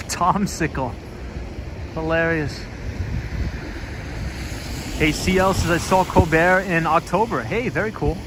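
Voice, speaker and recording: A man hosting a relaxed live stream as he walks through busy city streets, talking in a fairly high voice. He chats and answers viewer comments in an easygoing way. Steady street traffic noise sits clearly behind his voice. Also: slow, pauses often. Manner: chatty, reads viewer comments aloud and answers them. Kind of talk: casual live-stream chat.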